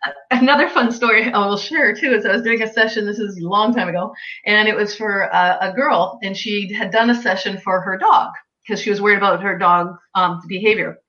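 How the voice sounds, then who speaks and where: A woman guest recounts stories from her work with animals, acting out her clients' words with lively jumps in her voice. Her audio comes through a little dull and lo-fi. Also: fairly quick. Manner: animated storyteller, acts out quoted clients and pets with pitch jumps. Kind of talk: storytelling in casual chat.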